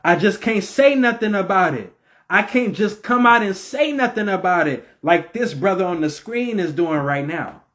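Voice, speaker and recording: Impassioned preachy man, fairly high voice. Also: animated, normal speed, a bit bright. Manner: preachy, repetitive, stammers "or, or". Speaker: religious commentator. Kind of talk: impassioned monologue.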